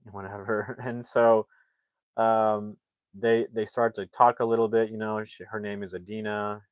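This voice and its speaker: A movie recap streamer with a voice on the low side casually retells a film's plot on a livestream, rambling with lots of fillers. He acts out the characters' lines, and there's no echo.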